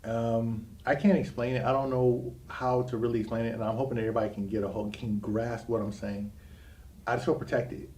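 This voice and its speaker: A man's voice: medium pitch, little pitch movement, fairly quick, mellow, recorded from a distance. A man from Cleveland, co-host, telling his life story in an earnest, reflective way with many hesitations. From Cleveland, Ohio. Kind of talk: personal life story in conversation.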